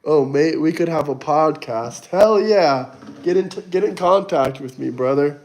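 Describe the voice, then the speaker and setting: Here a young adult man from the US runs a laid-back livestream, going through chat and firing back at viewers in a mocking, combative, blunt manner. He speaks unhurriedly in a somewhat high, expressive voice with a slightly mellow quality.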